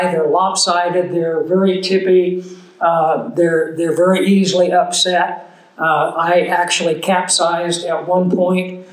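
A man's voice: high voice, echoey room, poor audio. A man preaching a sermon, telling a personal story in an earnest, conversational way.

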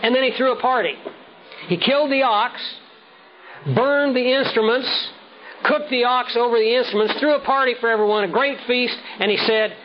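High-voiced preacher guy, slow emphatic sermon, dull lo-fi recording with a little hiss. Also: fairly even intonation. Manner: measured, emphatic preaching with slow stressed words. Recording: dull lo-fi sound with faint noise.

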